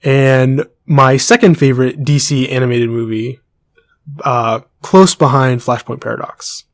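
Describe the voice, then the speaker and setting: A young man chatting on a podcast in a dry, close-miked sound. He talks at a medium pitch with a playful, teasing edge as he runs the show. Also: steady tone, a little slow, no echo. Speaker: podcast co-host. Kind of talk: casual podcast chat.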